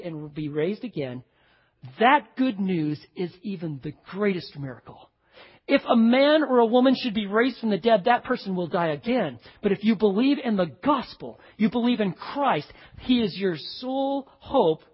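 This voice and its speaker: A man preaching a lively sermon in a big hall, his slightly husky voice trailing off into a long reverb. The sound is dull and a bit muffled, like a church recording. He talks right at his listeners and slips into other people's voices as he tells a story. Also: high voice. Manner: animated preaching, acts out quoted voices, asks the audience questions. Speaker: pastor.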